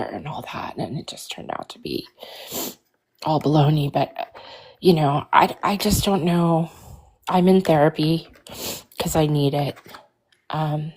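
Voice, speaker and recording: A woman telling her own story over a video call, halting and hesitant, close to tears and struggling to keep her voice steady. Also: low-pitched, husky. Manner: halting, hesitant, many restarts and fillers. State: tearful, fighting emotion. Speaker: caller sharing her story. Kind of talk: emotional personal account on a livestream.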